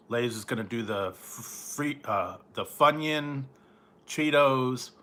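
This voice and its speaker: A man's voice: mid-range voice, bright, forceful tone, a little hiss or hum. A man talking casually as a food reviewer, rambling and trailing off with frequent chuckles. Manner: rambling, laughs often, trails off. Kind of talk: casual late-night chat.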